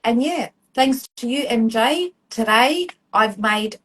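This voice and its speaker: A woman's voice: on the high side, expressive, slow, a bit bright, husky, rough recording. A woman in her forties with an Australian accent, a hairdresser telling her story in a chatty, rambling way full of ums and acted-out quotes during a live-stream chat. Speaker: hairdresser and student guest.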